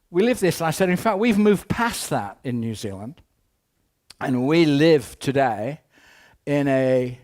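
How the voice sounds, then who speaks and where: Wry, rambling male storyteller. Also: mid-range voice. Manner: storytelling with wry asides and quick jokes; rambling, often restarts with "anyway". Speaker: keynote speaker. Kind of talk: humorous anecdotal talk.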